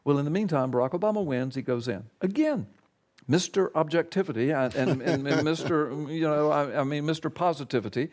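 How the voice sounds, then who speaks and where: A man, a pastor, telling his story in an interview with an emphatic, animated manner. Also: fairly high pitch, brisk. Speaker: pastor and radio talk guest.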